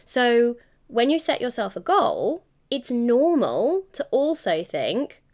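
A woman's voice: a little high, very animated, slow pace, darkish tone. A young woman hosting a solo podcast, talking in a chatty, encouraging way and correcting herself mid-sentence. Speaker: podcast host. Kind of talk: solo coaching podcast monologue.

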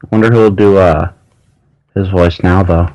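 Low-voiced podcast co-host man, dry quips. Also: fairly even intonation, moderate pace, darkish tone, no echo, low-quality recording. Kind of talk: casual chat.

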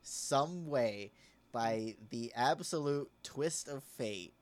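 A man's voice: medium pitch, animated, drawn-out words. A man co-hosting a casual podcast chat, teasing his friend and laughing often. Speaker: podcast co-host.

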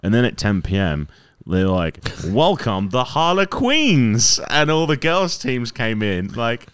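A man with a low, smooth voice tells a rambling, laugh-filled story to his friends. His pitch jumps around as he swears and cracks himself up. The recording is close and dry. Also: very animated, unhurried, no echo. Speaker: podcast guest telling a story. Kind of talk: casual chat.

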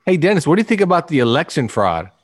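A man's voice: fairly high pitch, sing-song, fast. A man hosting a casual podcast, rambling and joking with his co-hosts. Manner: rambling, joking, restarts a lot. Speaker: podcast host.

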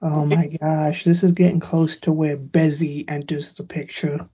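A woman's voice: sits low, little pitch movement, unhurried, warm tone, husky. A woman co-hosting a podcast, chatting casually about a movie with dry, short reactions. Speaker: podcast co-host. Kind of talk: casual movie recap chat. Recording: muffled lo-fi audio.

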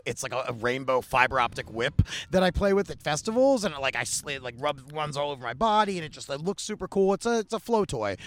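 A man, a comedian, telling stories in casual podcast chat, animated and acting out other people's voices. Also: no room sound. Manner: animated, acts out other people with big pitch jumps.

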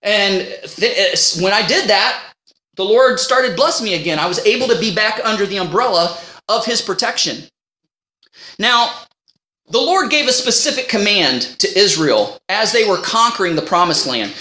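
A man's voice: sits high, bright, forceful tone. A man preaching a sermon as a minister, telling stories and acting out his own past conversations. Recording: roomy echo.

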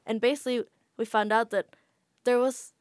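A woman's voice: on the high side, fairly even intonation, normal speed, no room sound, studio quality. A woman guest on a podcast, telling a travel story in a chatty way with a lot of "like" fillers. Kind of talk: casual storytelling.

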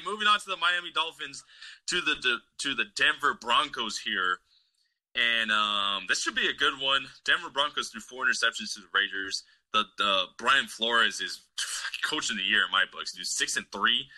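Profane, excitable man with a bright edge. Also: mid-range voice, normal speed, low-quality recording. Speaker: podcast co-host. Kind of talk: casual sports chat.

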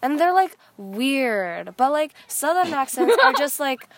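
A woman's voice: high-pitched, big pitch swings, measured pace, background noise. A teenage girl co-hosting a podcast, chatting casually with friends, rambling and giggling with lots of fillers. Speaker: podcast co-host. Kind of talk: casual chat among friends.

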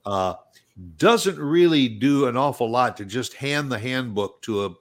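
A man's voice: mid-range voice, animated, measured pace. A man hosting a casual conversation, agreeable, often restarting his sentences. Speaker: host. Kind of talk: casual chat.

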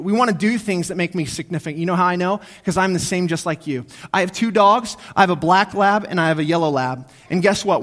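Male pastor with a high voice, preaching in church; drops to near-whispered reflection, then climbs to urgent, repeated exhortations. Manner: swings between hushed, slow reflection and raised, urgent exhortation; repeats key phrases for emphasis. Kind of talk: sermon.

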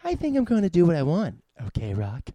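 A man's voice: a little high, huge pitch swings, brisk, dark tone, no echo. A man from Canada gives a casual, rambling movie review. He uses lots of fillers and swears in passing. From Vancouver, Canada.

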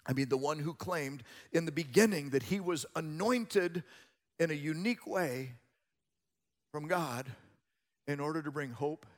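A man preaching a sermon as a pastor, moving between hushed passages and loud, emphatic ones. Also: fairly high pitch, unhurried, in a large hall.

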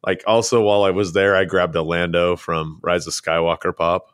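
This podcast co-host is a man with a deep voice and a level tone, talking at a moderate pace as he chats casually and tells meandering stories. The recording is studio quality, with a clean tone and no room sound.

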